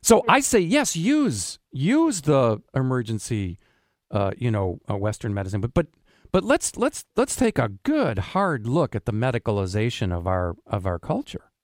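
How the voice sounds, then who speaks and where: Hosting a radio talk show, this host and practitioner interviews a guest in a rambling way full of fillers and restarts. His medium-pitched voice swoops wildly at a normal pace, with clean studio sound and no echo.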